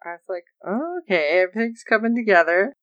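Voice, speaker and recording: A woman co-hosting a casual recap chat, animated and laughing as she quotes characters. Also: medium pitch, normal speed, dry recording, muffled recording. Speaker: podcast co-host.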